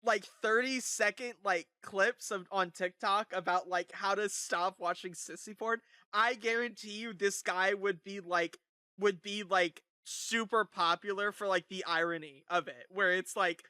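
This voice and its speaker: Bright, giggly reaction streamer. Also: medium pitch, steady tone, measured pace, clear, resonant tone, dry recording, studio quality. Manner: incredulous, giggly, rambling with many fillers. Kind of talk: live reaction stream commentary. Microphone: streaming mic.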